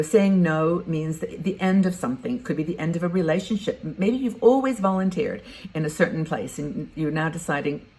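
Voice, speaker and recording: With a low, darkish voice, a woman in her sixties shares advice for retired women in an informal vlog. She's straightforward and chatty, thinking aloud as she talks.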